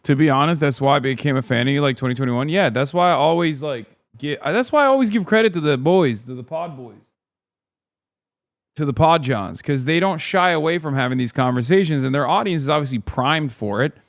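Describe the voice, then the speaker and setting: A man's voice: fairly high pitch, fairly quick, dry recording, clean studio sound. A man ranting through a casual livestream reaction, swearing and mocking the comments on a video. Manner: profane, animated ranting.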